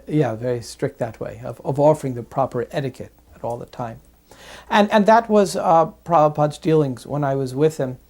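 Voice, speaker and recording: A man recalling his time as a devotee and telling brisk anecdotes. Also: medium pitch, gravelly, a little mellow, husky. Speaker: devotee sharing memories. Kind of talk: reminiscing storytelling.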